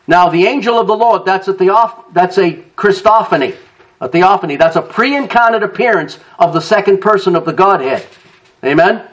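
A man's voice: high-pitched, moderate pace, far from the mic. A male pastor preaching a sermon, telling stories with laughter and acted-out quotes. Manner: animated storytelling preacher, laughs and acts out quotes.

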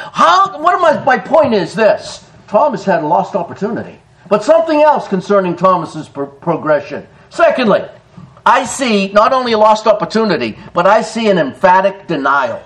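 Male pastor, sermon; emphatic, lively, higher-pitched delivery with big swings. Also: poor audio. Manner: emphatic preaching, reads scripture aloud with rising emphasis; swings between loud declarations and low, quiet asides.

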